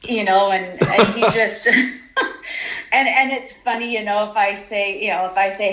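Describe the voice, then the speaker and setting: A woman's voice: medium pitch, steady tone, a little slow, a bit bright. A woman, a horse trainer talking in a casual interview, chatty, laughing often, with many ums and restarts. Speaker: horse trainer and stallion owner. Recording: roomy, slightly dull sound.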